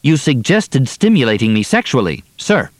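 A man's voice: medium pitch, big pitch swings, moderate pace, dry recording, voice pushed up. Man voicing a formal, defiant young prisoner.

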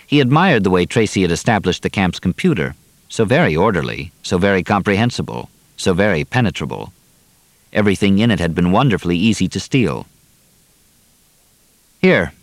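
A man reading a novel aloud as narrator, measured and steady. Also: deep voice, no room sound. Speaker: audiobook narrator. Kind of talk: scripted narration.

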